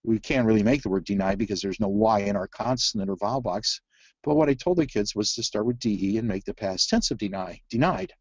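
A man's voice: on the low side, a little fast, no room sound, muffled recording. A man teaching a phonics webinar, talking through word activities with many fillers and restarts. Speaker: reading teacher presenting a webinar. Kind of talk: webinar presentation.

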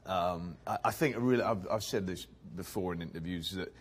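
A man's voice: sits low, fairly quick, slightly rough. A man, chatting playfully as an actor guest in an interview and often repeating words as he starts a thought. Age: 40s. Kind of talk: casual interview chat.

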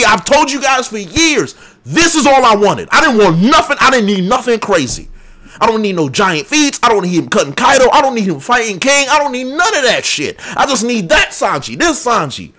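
A young man hosting a live comic reaction, excitable and hype with loud outbursts. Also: high-pitched, normal speed. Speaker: channel host.

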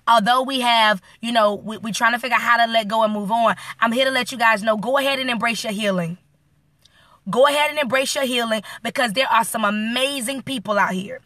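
Animated, high, bright-voiced woman preacher. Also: no room sound. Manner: animated, preacherly, talks straight to viewers. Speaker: live-stream host and motivational speaker. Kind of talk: live-stream inspirational talk. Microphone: phone.

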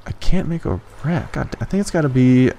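A young man doing let's play commentary, excitable and swearing often, jumping into high yelps when frustrated. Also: a little fast, gravelly, slight background noise. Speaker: gaming YouTuber.

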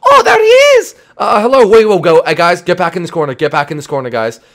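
A young man hosting an improvised game role-play, talking in an excitable, exclamatory, rambling way. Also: fairly high pitch, fast. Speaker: host.

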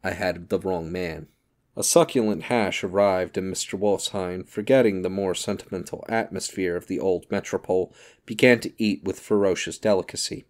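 A man narrating a novel as an audiobook, reading in a steady, measured way. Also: low-pitched. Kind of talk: scripted narration.

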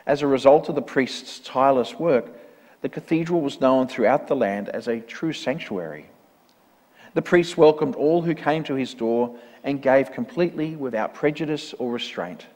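Man, church reader, measured and earnest storytelling, mid-pitched voice, long hall reverb. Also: darkish tone. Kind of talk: reading a parable aloud.

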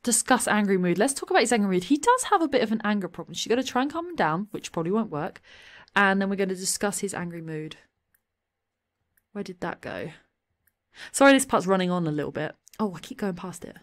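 A young woman giving chatty let's play commentary, often slipping into quick asides in her characters' voices. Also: mid-range voice, sing-song. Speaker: gameplay commentator. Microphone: desk USB microphone.

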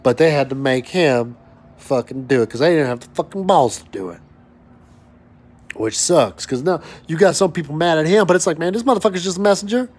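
A fired-up man in his thirties rants to camera, his voice pitched high for a man. He swears constantly, doubles back and restarts his words, and keeps the heat of a worker venting. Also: animated, fairly quick, a little mellow, slightly rough. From West Texas. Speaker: oil and gas worker vlogger. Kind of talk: angry profane rant to camera.

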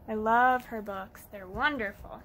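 A woman's voice: a little high, steady tone, a little slow, a bit bright, slight background noise. A woman teaching toddlers at storytime, reading aloud in an encouraging, sing-song way. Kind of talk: storytime lesson for young children.

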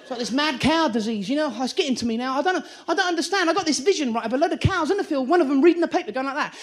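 A man's voice: very high voice, expressive, rapid-fire, hardly any pauses. A man doing stand-up in a theatre, manic and profane, acting out little scenes as he goes. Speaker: stand-up comedian. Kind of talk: stand-up comedy routine. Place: theatre stage.

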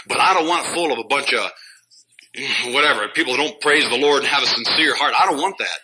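A pastor preaching a fiery sermon in a church, scolding his listeners and bursting out loud now and then between chuckles. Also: mid-range voice, animated, fast. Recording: noisy old sermon recording.

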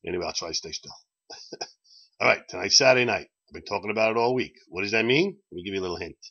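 A man's voice: lowish voice, expressive, fast, pushed and bright, breathy edge, muffled recording. A man hosting a casual promotional video chat for his bar, rambling and chuckling as he sways in and out of frame. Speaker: bar owner and vlog host.

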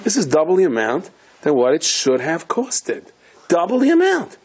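A man voicing a brash, loud, mocking pirate in a told story, with a husky voice. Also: big pitch swings, moderate pace. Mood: indignant. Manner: shouting, high-pitched mockery.

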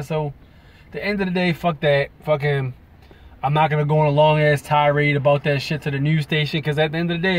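A man venting in a profane, rambling commentary to his viewers. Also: fairly high pitch. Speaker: video blogger. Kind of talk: ranting commentary to camera.

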